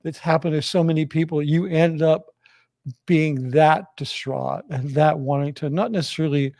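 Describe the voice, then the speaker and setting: A man's voice: on the high side, steady tone, normal speed, vocal fry, darkish tone, no room sound. A man as interview guest, telling a personal story with many restarts and fillers.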